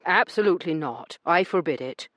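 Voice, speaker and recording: An earnest, lovesick young man, protective and a little desperate, as a male narrator voices him. His lines sit a touch higher than the narration. The recording is dry. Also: expressive, fairly quick, fairly bright tone, no echo. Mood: frustrated.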